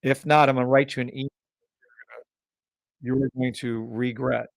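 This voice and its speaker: A man hosting a live trading stream, pitching a scanner and ranting bluntly at viewers, swearing freely and sounding exasperated. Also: flat delivery, moderate pace, creaky, no echo, clean studio sound. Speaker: trading livestream host.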